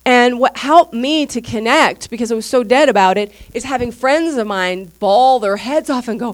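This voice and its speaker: A woman pastor with a slightly higher voice preaches to her congregation at a church service. Her talk is informal and candid, more like a conversation than a lecture, and she acts out what other people said. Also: animated, normal speed, few pauses. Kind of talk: teaching sermon.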